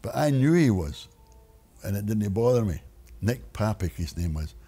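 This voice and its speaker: A man's voice: lowish voice, sing-song, moderate pace, warm tone, breathy edge, soft background music. An older retired man rambling through a personal story, wry and full of restarts. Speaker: interviewee.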